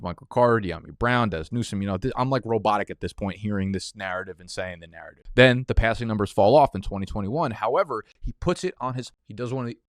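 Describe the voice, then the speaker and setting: Loud cursing fantasy football host dude, lowish voice, dry close sound. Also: male voice, no room sound. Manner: brash, profane, hyped-up. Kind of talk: energetic casual commentary. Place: studio office.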